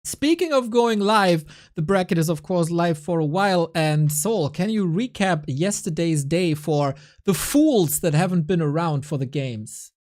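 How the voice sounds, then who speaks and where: A man's voice: on the high side, lively intonation, measured pace, hardly any pauses, a little mellow. A man casting a live esports stream, teasing his co-hosts and reading out viewer support with playful energy. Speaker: esports caster.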